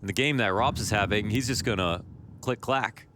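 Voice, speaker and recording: A man giving relaxed, conversational color commentary on a live esports match. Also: on the low side, normal speed, background noise.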